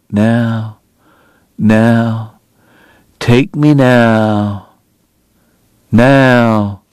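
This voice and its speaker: A man's voice: medium pitch, a little mellow, no room sound. A man narrating an audiobook in a lyrical, dramatic style that builds in intensity.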